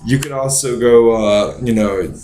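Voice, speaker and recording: A drunk man rambling through a movie chat, swearing freely and drifting off on tangents. His voice sits at an ordinary male pitch, and the room throws back a noticeable echo. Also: unhurried, mellow, slight background noise. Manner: rambling, profane, goes off on tangents. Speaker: podcast host. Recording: roomy echo.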